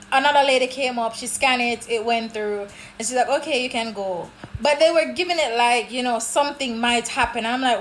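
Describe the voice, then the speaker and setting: A Jamaican woman vlogging about her travels, telling stories in a chatty, animated way. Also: on the high side, a little hiss or hum. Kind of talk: casual travel vlog chat.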